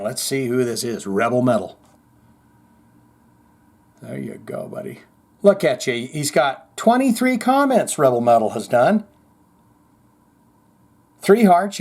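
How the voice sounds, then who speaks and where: A man's voice: fairly high pitch, darkish tone. A man hosting a heavy metal news show, casually chatting and reading viewer comments in a blunt, sarcastic way with some swearing.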